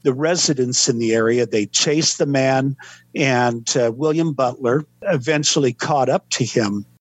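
Measured male historian, dry sound. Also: medium pitch, no echo. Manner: measured, unhurried recounting with frequent pauses. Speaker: historian guest. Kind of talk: podcast interview storytelling.

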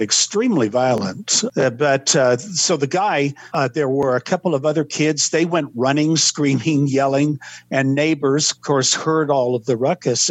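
A man, a historian guest on a podcast, recounting events in a measured, unhurried way with frequent pauses. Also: mid-range voice, dry recording. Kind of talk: podcast interview storytelling.

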